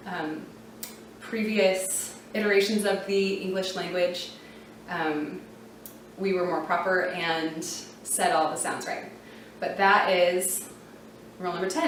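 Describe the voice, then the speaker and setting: A woman explaining reading rules in a relaxed, chatty way, often saying um and spelling out letters one by one. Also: medium pitch, slight background noise. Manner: chatty, uses fillers like um and you know, spells out letters slowly. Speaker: reading teacher. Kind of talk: casual teaching explanation. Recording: very echoey room, voice from a distance.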